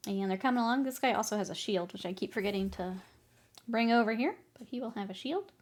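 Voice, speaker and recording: A woman's voice: a little high, animated, quick pace, a little mellow. A woman streaming her miniature painting, chatting casually, laughing often and answering her chat while she works.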